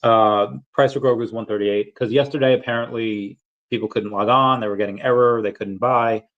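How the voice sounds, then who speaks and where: A man hosting a casual crypto livestream, rambling in a relaxed way with many fillers and bouts of hiccups. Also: mid-range voice, fairly quick, dull audio. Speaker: crypto channel host.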